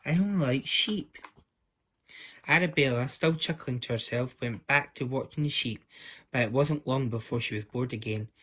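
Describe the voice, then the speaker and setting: Expressive man reading a children's story. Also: mid-range voice, normal speed. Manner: lively, expressive, small stumbles.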